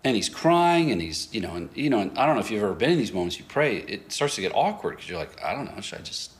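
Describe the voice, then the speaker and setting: A man's voice: on the low side, quick pace. A man pastor telling a story in a sermon, acting out both sides of a conversation and often laughing as he talks. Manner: animated storyteller, acts out dialogue, laughs often.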